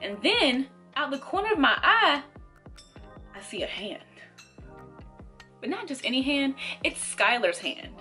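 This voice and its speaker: A young woman vlogger telling a storytime to camera in a casual, animated way, acting out the voices of the people in it. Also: high voice, a little slow, pauses often, faint music behind. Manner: animated, acts out quoted voices, laughs between lines. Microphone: camera mic.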